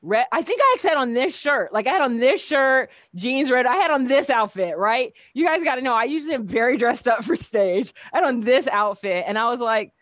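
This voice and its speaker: Woman guest, fairly high voice, lively chatty storyteller who acts out the quotes, dry close sound. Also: brisk, few pauses, no echo. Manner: animated, acts out quoted dialogue, laughs often. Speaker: keynote speaker, guest. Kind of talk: casual storytelling chat.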